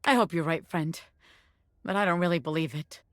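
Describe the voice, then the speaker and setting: A woman voicing a cocky young gangster who is a bobby pin, with tough streetwise talk and a soft side underneath. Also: low voice, brisk, dry recording, studio quality. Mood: wistful. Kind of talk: video game voice acting.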